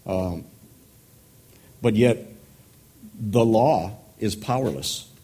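A man teaching a Bible study as a pastor, earnest and thoughtful in how he explains the passage. His voice is dark, mellow and a little husky, and he talks at an unhurried pace. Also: lowish voice. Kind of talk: sermon teaching.

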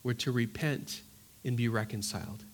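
A man preaching an earnest Bible-teaching sermon, emphatic and repeating words for stress, then dropping to soft, pleading tones. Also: mid-range voice, normal speed, slightly rough. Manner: swings from loud urgency to soft, quiet pleading.

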